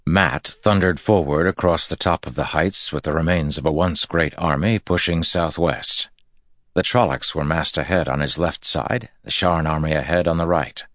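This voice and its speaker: A man narrating a fantasy battle scene with measured storytelling delivery. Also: a bass voice, a bit bright, dry recording, clean studio sound. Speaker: audiobook narrator. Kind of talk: scripted narration.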